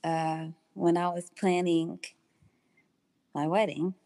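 A woman's voice: on the low side, steady tone, dark tone, no echo. A woman guest in her thirties telling her personal story candidly, acting out the dialogue she recalls. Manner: candid, unhurried, acts out quoted dialogue.

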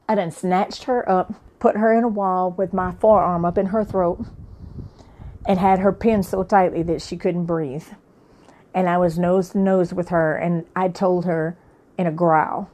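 A woman's voice: on the low side, darkish tone. A woman and author telling her own life story in a frank, plain-spoken, conversational way. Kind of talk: candid personal storytelling.

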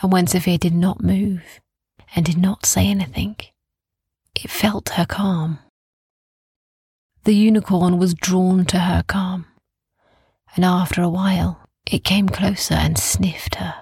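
A woman narrating a bedtime story in a soft, calm, gentle way, often sinking into a whisper, in a dry, close recording. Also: lowish voice, slightly rough, no echo. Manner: slow, calm, gentle, repeating soothing phrases.

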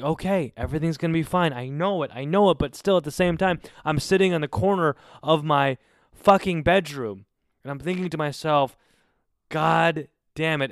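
A man's voice: on the high side, a bit bright, clear, resonant tone, no echo, studio quality. A man hosting a casual podcast over a video call, rambling and swearing. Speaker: podcast host.

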